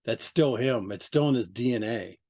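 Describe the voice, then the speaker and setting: A man's voice: medium pitch, normal speed, a little mellow. A man giving a casual interview as a record label owner, blunt and profane, with mocking asides. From United States.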